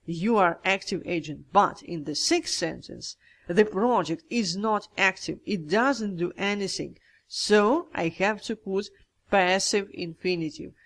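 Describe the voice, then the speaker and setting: Unhurried and deliberate, a teacher moves through a grammar exercise, thinking each step out loud and making minor self-corrections. The voice is mid-pitched with a fairly bright tone, and the methodical teacher calls the viewers "guys."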